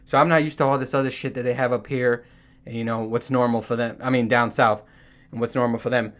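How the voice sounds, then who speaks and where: A man's voice: mid-range voice, fairly even intonation, quick pace, a bit bright. A man from New Jersey telling rambling, profane stories in a casual vlog, full of fillers like "you know" and "right?". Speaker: vlogger.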